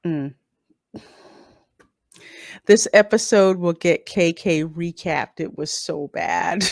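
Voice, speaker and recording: A woman's voice: lowish voice, sing-song, takes it slowly, creaky, long pauses, a little mellow, no echo, studio quality. A woman hosting a live-stream review, blunt and opinionated, stressing her points by repeating them in a casual commentary style. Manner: blunt, opinionated, emphatic repetitions. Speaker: YouTube channel host reading live chat.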